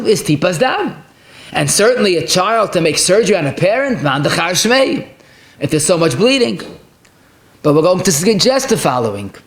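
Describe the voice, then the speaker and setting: High-voiced rabbi lecturing in an echoey room. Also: male voice. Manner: emphatic, rhetorical questions, stacks Hebrew and Aramaic legal terms. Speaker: rabbi teaching a Torah class. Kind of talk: Talmudic lecture. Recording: roomy echo.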